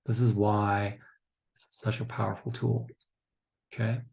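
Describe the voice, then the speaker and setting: A man's voice: fairly low pitch, little pitch movement, a little slow, creaky, darkish tone. A man giving a recorded training lecture for counselors, teaching in an instructive way and often checking in with "okay?". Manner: acts out couples' lines in quotes.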